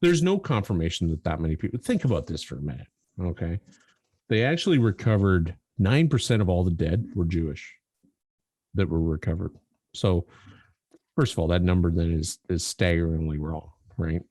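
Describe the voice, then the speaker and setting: A man with a low voice co-hosts a casual podcast chat. His pitch leaps up and down as he talks, he swears freely and laughs often. The sound is dry and close. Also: expressive, moderate pace, darkish tone, no echo. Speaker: podcast co-host.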